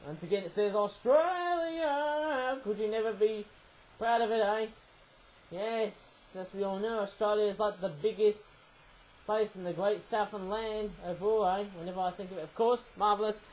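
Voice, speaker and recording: A casual toy reviewer in a mid-range voice, rambling and chatty and tossing in tag questions. Now and then they break into loud, excited chanting. A faint hum of room noise sits behind them. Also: medium pitch, moderate pace, poor audio.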